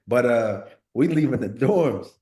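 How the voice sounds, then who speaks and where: A man's voice: mid-range voice, expressive, a little slow, heavy background noise. A man in his thirties from Northern California, a former pro football player telling stories in a sit-down interview, laid-back and full of slang, often saying "like" and repeating words. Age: 30s. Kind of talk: casual storytelling in a sit-down interview.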